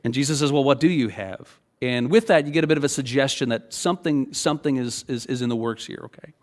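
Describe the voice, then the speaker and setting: A middle-aged pastor delivers a sermon in a loose, lively, conversational style, often pausing to ask "okay?" His voice sits in the mid range, and he speaks quickly.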